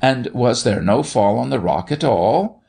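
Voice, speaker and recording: A man voicing a gruff, jovial doctor who roars and laughs in a storybook reading. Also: medium pitch, animated, mellow, pitched above the performer's own voice, heavily acted. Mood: gentle. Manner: roaring, laughing, hurried.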